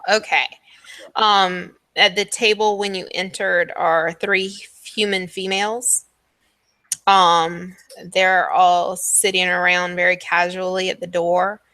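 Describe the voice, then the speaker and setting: Woman as game master, bright dry voice, casual, full of ums. Home tabletop session. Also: on the low side, no room sound. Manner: casual, many ums while describing scenes. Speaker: dungeon master.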